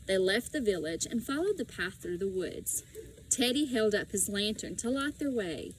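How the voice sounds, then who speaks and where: A woman reading a children's storybook aloud in a slow, expressive way. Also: medium pitch, slight background noise, low-quality recording. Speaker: audiobook reader.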